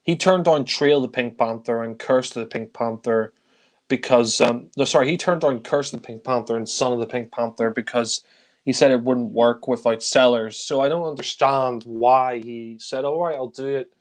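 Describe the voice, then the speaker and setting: A man's voice: medium pitch, normal speed. A man giving a casual spoken film review, blunt and critical, with frequent sighs and filler words.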